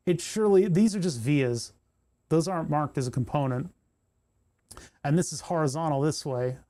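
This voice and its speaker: This man talks at a moderate pace with frequent pauses, in a fairly high, mellow voice. He's live-streaming an electronics kit build, chatting casually through each soldering step and grumbling while searching for components.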